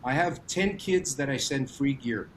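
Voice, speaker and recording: A middle-aged man from Montreal, a guest on a podcast, telling stories in a lively, animated way and leaning on "listen" and "you know". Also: medium pitch, measured pace, a little hiss or hum. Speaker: guest, hockey gear maker. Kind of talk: casual podcast conversation.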